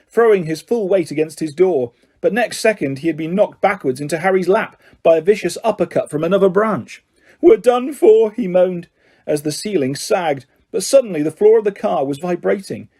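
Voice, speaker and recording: A man narrating an audiobook in an expressive, dramatic reading style. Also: sits high, breathy edge. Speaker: audiobook reader. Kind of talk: scripted storybook narration.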